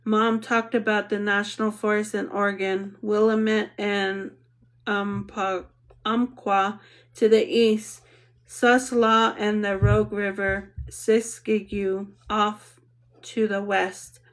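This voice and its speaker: Reading a first-person audiobook, this woman has a mid-range voice and a level tone, keeping her narration measured and reflective.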